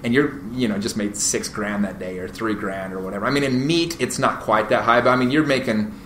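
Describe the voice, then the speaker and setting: Bright-voiced man telling rambling stories. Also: fairly low pitch, fairly quick. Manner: animated, rambling, many fillers and restarts. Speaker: podcast guest, real estate agent. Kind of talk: casual interview storytelling. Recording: roomy echo, faint noise.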